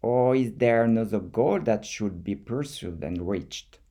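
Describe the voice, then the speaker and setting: A man with a French accent, an artist talking his thoughts through in a reflective monologue, halting and repeating words as he searches for them. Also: fairly low pitch, expressive, mellow. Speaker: artist vlogger.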